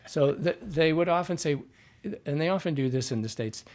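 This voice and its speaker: A man's voice: a little high, expressive, normal speed, darkish tone. A man, a dialect coach, talking as a guest in a podcast interview. He explains at length and keeps checking in with "right?".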